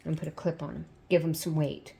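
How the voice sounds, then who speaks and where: Her voice is low, steady, brisk, gravelly and warm as she walks viewers through sock machine knitting step by step. She's patient and homey, repeating steps, asking "okay?" often, and chatting with a playful "ta-da".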